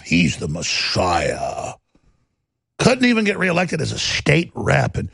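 A talk show host rants through a combative, sarcastic monologue. His voice is heavily gravelly and husky, with a slightly raised pitch. The sound is dry and close. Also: wildly swooping pitch, slow pace, a bit bright, dry recording. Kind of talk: political commentary monologue.

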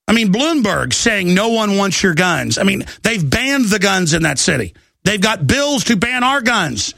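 A gravelly, high-pitched man in middle age rants on his political talk radio show, combative and loud, now and then mocking his opponents. His tone is bright and tense, and the sound is dry and close. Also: dry recording.

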